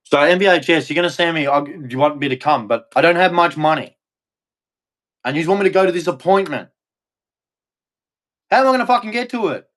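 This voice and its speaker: A man's voice: a little high, animated, fairly quick, long pauses, a bit bright. An Australian man delivering a bitter, profane, repetitive rant as a vlogger. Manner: bitter, profane, repeats himself. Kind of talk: angry ranting monologue.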